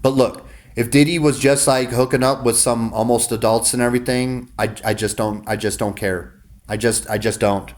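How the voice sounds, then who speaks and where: A man rambling through a monologue for his viewers, swearing often and restarting his sentences with many fillers. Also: mid-range voice. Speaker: vlogger.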